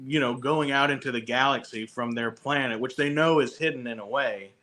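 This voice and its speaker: A man's voice: medium pitch, fairly quick, bright, forceful tone. A man co-hosting a casual chat, thoughtful and hedging with "you know". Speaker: podcast co-host. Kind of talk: casual after-show chat.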